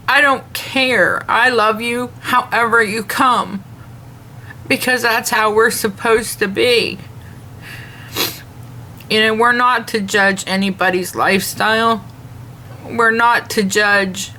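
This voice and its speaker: A woman talks straight to camera in an earnest, devout way, airing a complaint. She speaks slowly and deliberately in a somewhat high, bright voice. A faint background hum runs under her words. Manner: earnest, measured, retells dialogue in detail. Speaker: vlogger.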